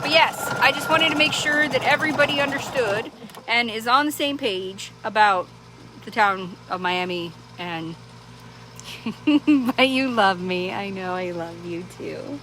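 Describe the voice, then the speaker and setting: A woman's voice: fairly high pitch, unhurried, sharp tone, low-quality recording. A woman vlogger chatting casually to the camera, rambling and laughing often, with many restarts. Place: small town in Arizona. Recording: clear background noise.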